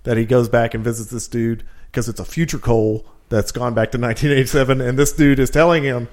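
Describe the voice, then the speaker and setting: A man co-hosting a casual TV podcast, rambling and animated as he retells scenes. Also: mid-range voice, quick pace. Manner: rambling, animated storytelling with acted-out quotes. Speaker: podcast co-host. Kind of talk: casual chat.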